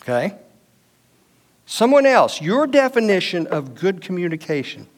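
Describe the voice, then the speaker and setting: A man's voice: high-pitched, very animated, measured pace. Conversational man teaching a marriage class. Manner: conversational, uses personal anecdotes and quoted dialogue. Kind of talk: teaching session with audience questions.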